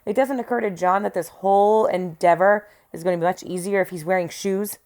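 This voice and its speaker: A woman's voice: mid-range voice, fairly even intonation, a little mellow. A woman co-hosting a casual movie-watching podcast at home, teasing her co-host with dry jokes while she has a cold. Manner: teasing, dry, quick with jokes and mock quotes. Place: living room at home.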